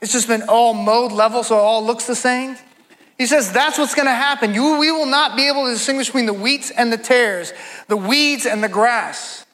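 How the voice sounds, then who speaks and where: A man delivers an emphatic sermon to his congregation. His voice sits very high, with a bright edge. Long reverb trails every phrase through a large church hall. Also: moderate pace. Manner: emphatic preaching, rising into fervent quoted voices. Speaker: pastor.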